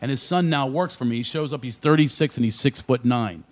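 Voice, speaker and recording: A comedian guest telling stories on a radio show, full of energy and loud impressions of his friends. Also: mid-range voice, a little fast. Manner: animated storyteller, shouts impressions of friends. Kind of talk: casual radio chat, storytelling.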